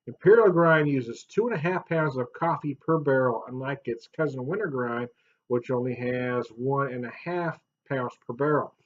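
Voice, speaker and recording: A man hosting a casual beer review vlog, chatty and jokey, laughing often and swinging up loud and high. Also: moderate pace, dull audio.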